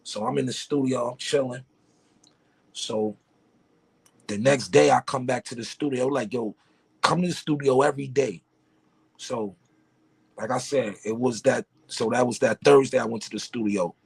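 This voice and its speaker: A man's voice: mid-range voice, fairly even intonation, normal speed, gravelly, long pauses, darkish tone, husky, dry recording. A middle-aged man from Harlem, a guest rapper telling a laid-back, profane story. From Harlem, New York. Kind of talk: casual storytelling.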